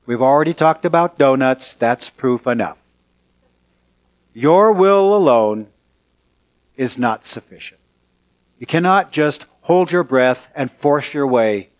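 A man preaching a Sunday sermon as a pastor, earnest and emphatic, slowing and speeding up for effect. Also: mid-range voice. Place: church sanctuary.

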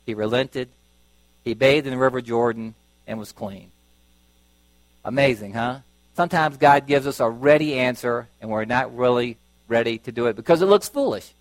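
A man's voice: medium pitch, normal speed, no echo, rough recording. A middle-aged man preaching a sermon, telling stories and acting out voices as he goes. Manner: storytelling, acting out voices with lively shifts.

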